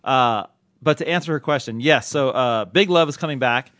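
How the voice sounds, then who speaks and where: A man's voice: mid-range voice, moderate pace, a bit bright, dry recording, studio quality. A man hosting a podcast, rambling casually through listener questions with many fillers and restarts.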